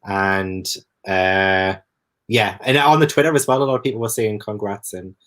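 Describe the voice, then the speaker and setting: A man's voice: on the low side, moderate pace, a bit bright. A man hosting a book chat stream, gushing effusively and laughing a lot. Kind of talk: casual chat.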